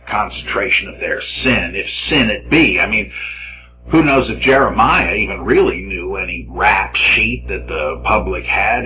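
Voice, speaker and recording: A man's voice: fairly low pitch, dull audio, slight background noise. A man teaching a Bible study, reading scripture aloud with drama and then commenting in a wry, rambling way with many fillers. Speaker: Bible scholar lecturer.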